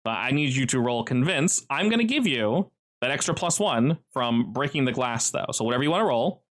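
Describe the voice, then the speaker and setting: A man's voice: mid-range voice, animated, brisk, fairly bright tone. A man running a tabletop game as game master, explaining rules and laughing often.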